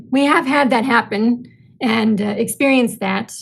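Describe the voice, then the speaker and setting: A woman's voice: a little high, takes it slowly, creaky, breathy edge, low-quality recording. A woman guest on a podcast, telling anecdotes animatedly and acting out bits of dialogue. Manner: animated storyteller, acts out dialogue. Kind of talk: casual conversational interview.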